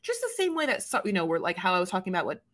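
A woman's voice: on the low side, big pitch swings, rapid-fire, fairly bright tone. A woman co-hosting a podcast in casual chat, rambling with many fillers and playfully mimicking people. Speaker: podcast co-host.

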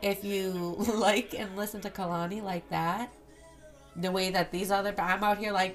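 A young woman hosts a casual solo podcast, rambling candidly and swearing often. Her mid-range voice is fairly even in intonation and unhurried, with soft music playing in the background.

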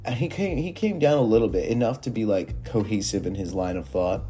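A young man telling stoner stories from Reddit in a rambling, animated way, full of fillers and swearing. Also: on the low side, brisk, soft background music. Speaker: storyteller reading Reddit posts. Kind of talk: casual storytelling.

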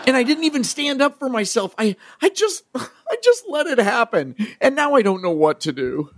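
An actor playing an insecure office worker who stammers and rambles. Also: male voice, very high-pitched, sing-song, moderate pace, full character voice. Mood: nervous. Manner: stammering, restarting.

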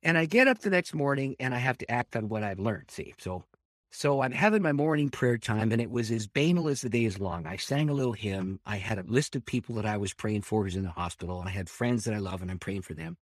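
A man, a pastor, telling a personal story with lots of laughter, dropping to a hush and then rising loud and excited. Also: lowish voice, quick pace, dry recording, clean studio sound. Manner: animated storyteller, laughs often, swings between hushed and loud. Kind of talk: storytelling testimony.

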